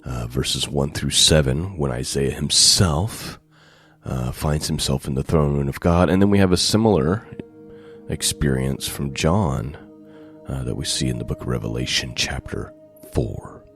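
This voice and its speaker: Very deep, slow-speaking male preacher. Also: fairly bright tone, faint music behind. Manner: slow, deliberate, emphatic repetition. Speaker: pastor. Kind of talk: sermon with scripture reading.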